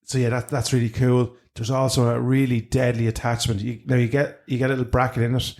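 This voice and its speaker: A man's voice: medium pitch, flat delivery, fast talker, darkish tone. An Irish man co-hosting a podcast, rambling through a gear review with lots of restarts. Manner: rambling, with many restarts and fillers. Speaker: podcast co-host. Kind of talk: casual gear review chat.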